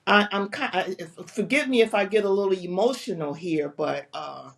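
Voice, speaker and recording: A woman's voice: mid-range voice, normal speed, vocal fry. A woman in her seventies, a fitness coach, speaking earnestly and with feeling as an interview guest over a video call. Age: 70s. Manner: earnest, heartfelt, emphatic. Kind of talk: interview conversation.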